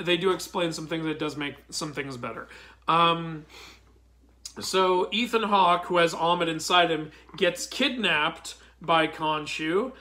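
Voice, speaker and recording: A man giving a casual review of a TV episode, excitable and prone to exasperated outbursts. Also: high-pitched. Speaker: mythology video commentator.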